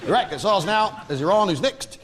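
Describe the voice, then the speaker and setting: A British man with a high-pitched voice and lively intonation talks a little fast over a noisy background. He's doing a brash, blustering stand-up routine, joking with the crowd.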